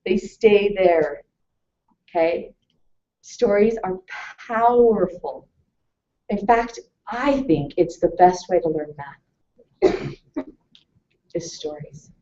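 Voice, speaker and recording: A woman presenting a lively talk to a live audience, telling stories and asking questions. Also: fairly low pitch, extremely slow, pauses often. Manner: animated storytelling, asks the audience questions. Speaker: webinar presenter. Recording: distant mic, muffled lo-fi sound.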